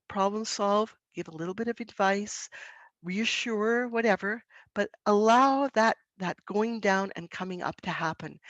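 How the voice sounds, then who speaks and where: A woman presenting an online webinar to school staff, speaking in an earnest, gentle, unhurried way with pauses. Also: fairly low pitch, no room sound.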